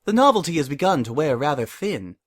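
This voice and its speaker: A man's voice: on the high side, big pitch swings, a little fast, voice pushed up. A man doing a posh, prim mare. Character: refined, prim grown-up mare.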